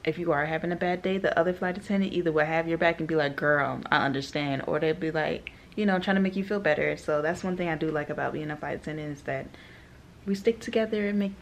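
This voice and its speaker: A young woman, a flight attendant, telling animated stories in a casual vlog, laughing often and quoting people. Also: low-pitched, fast, slight background noise.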